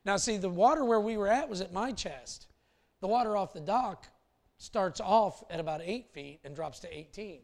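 A male pastor telling a personal story in a sermon, animated and swinging from hushed asides to loud bursts. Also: high-pitched, moderate pace, vocal fry.

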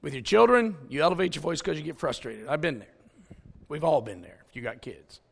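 A man preaching a sermon full of stories and jokes, with an animated, jokey delivery. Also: on the high side, brisk, vocal fry, husky. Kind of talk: storytelling sermon.

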